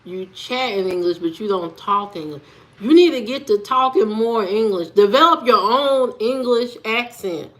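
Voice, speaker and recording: A woman's voice: fairly high pitch, lively intonation, normal speed. A woman hosting a live stream in casual chat, answering her viewers with blunt rhetorical questions. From United States. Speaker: livestream host.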